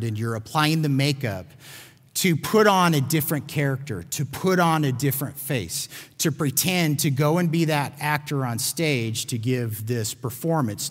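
Male pastor, mid-pitched, earnest sermon delivery, long hall reverb. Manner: earnest, emphatic, with repeated restarts. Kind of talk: sermon teaching.

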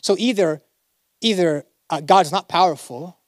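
A man's voice: high-pitched, unhurried, no echo, studio quality. A man preaching a sermon as a pastor, dramatically acting out biblical figures in casual modern speech.

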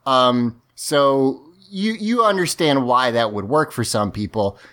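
A man chatting through an episode recap on a relaxed podcast. He rambles, restarts his sentences and leans on fillers as he goes. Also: medium pitch, slow. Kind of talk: casual chat.

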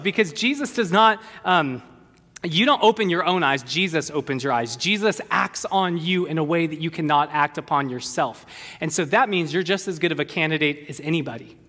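A man preaching a sermon in a church, animated and conversational with playful asides. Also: high voice, normal speed. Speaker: pastor. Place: church sanctuary. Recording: long hall reverb.

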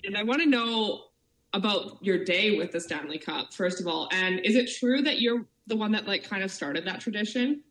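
A woman co-hosts a casual podcast interview, chatting freely and leaning on "like" as she goes. Her voice sits at a middle pitch, recorded with a roomy echo. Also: lively intonation, moderate pace, a bit bright. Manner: chatty, many "like" fillers. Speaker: podcast co-host.

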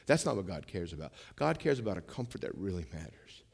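A middle-aged man preaching to his congregation in a chatty style, full of asides and rhetorical questions, slowing and swelling when he reads scripture. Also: low-pitched, very animated, creaky, slightly rough. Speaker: pastor. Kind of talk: sermon.

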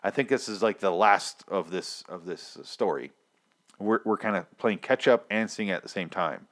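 Man, lowish voice, casual, rambling, profane, podcast host. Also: normal speed. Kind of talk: casual solo show recap.

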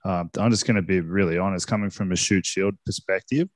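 A man's voice: low voice, fairly quick, dry recording, clean studio sound. A man hosting a casual interview, friendly and chatty, saying mate often. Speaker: interview host, club rugby player.

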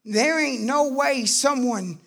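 A man telling his personal faith testimony in an animated way, acting out the voices in his story and bursting out loud at times. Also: very high voice, takes it slowly, gravelly. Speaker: testimony speaker.

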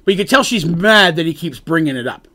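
A man's voice: a little high, lively intonation, fast, pushed and bright. A man streaming as game master, rambling through a recap of his tabletop story and quoting the characters' lines. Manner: rambling, retells scenes with quoted lines.

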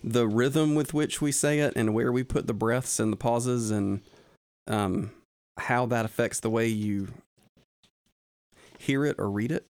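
A man sharing reflections in a relaxed, casual podcast chat about faith. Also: mid-range voice, measured pace, no room sound.

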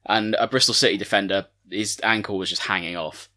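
A man's voice: on the low side, fairly even intonation, bright, forceful tone. A man co-hosting a podcast, chatting casually with a dry, joking manner. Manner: chatty, dry, quick to joke. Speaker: podcast co-host. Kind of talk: casual chat.

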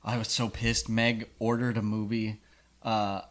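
A man co-hosting a podcast, telling animated comic stories in casual chat and swearing for laughs. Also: lowish voice, a little slow.

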